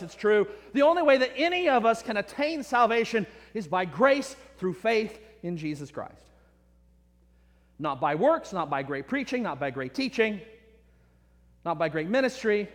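Preacher guy telling funny stories in his sermon, high voice, lots of echo. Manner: animated, emphatic, repetitive cadence. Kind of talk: sermon with humorous storytelling.

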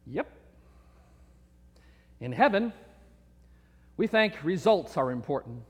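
A preacher with a high voice tells a joke story from the pulpit and slips into the characters' voices. The sound rings with the long reverb of a church sanctuary. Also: male voice, moderate pace, fairly bright tone. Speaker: pastor. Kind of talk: sermon with a told joke.

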